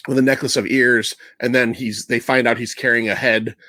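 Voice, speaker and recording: A man hosting a casual movie podcast, retelling scenes with a laugh and quick put-on voices. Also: mid-range voice, level tone, pushed and bright, no room sound, studio quality. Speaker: podcast host.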